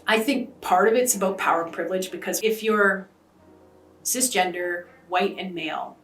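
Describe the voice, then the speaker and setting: A woman's voice: mid-range voice, normal speed, fairly bright tone, faint music behind. A woman speaking earnestly and emphatically in an oral history interview. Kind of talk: personal storytelling. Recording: roomy audio from a distance with faint ambience.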